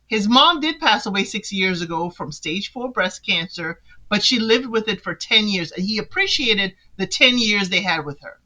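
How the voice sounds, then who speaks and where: A woman's voice: mid-range voice, lively intonation, moderate pace, hardly any pauses, sharp tone. A woman hosting a reality TV recap who talks in a sassy, casual way and speaks straight to the people she discusses. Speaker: recap podcast host.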